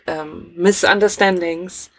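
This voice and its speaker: Soft-spoken German woman reflecting. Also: on the low side, fairly even intonation, slow pace, slight background noise. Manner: reflective, soft-spoken, hesitant with many fillers. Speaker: podcast co-host. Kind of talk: casual chat. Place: camping trailer.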